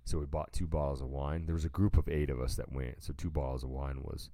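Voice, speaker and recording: Man, podcast co-host, very low voice, dry close sound, laid-back and rambling. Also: little pitch movement, quick pace, creaky, warm tone, no echo. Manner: laid-back, rambling, says "dude" a lot. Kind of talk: casual chat, storytelling.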